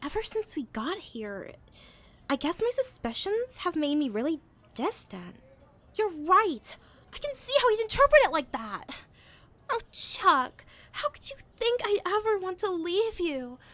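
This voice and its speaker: A woman's voice: very high voice, very animated, measured pace, a bit bright, exaggerated voice. A woman voicing an emotional young college student who gushes effusively. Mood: gushing. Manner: gushing, effusive.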